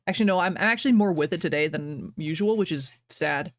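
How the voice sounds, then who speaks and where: A woman's voice: low-pitched, lively intonation, fairly quick, few pauses, fairly bright tone, no echo, studio quality. A woman streamer chatting casually to her viewers from her home office, bubbly, rambling and self-deprecating. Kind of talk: casual live-stream chat.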